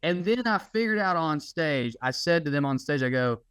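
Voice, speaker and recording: A slightly high-pitched man, a comedian, spins a profane, animated story about a heckler on a podcast. He talks loosely and swears freely. The close mic gives a dry sound with no room echo. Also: moderate pace, clean tone. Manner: profane, animated retelling of a stand-up gig. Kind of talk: casual storytelling chat.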